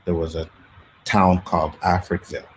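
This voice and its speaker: Low-voiced Canadian male host, animated casual storyteller. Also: normal speed, slight background noise, rough recording. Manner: animated storytelling, acts out quotes, laughs often. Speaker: podcast host. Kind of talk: casual chat.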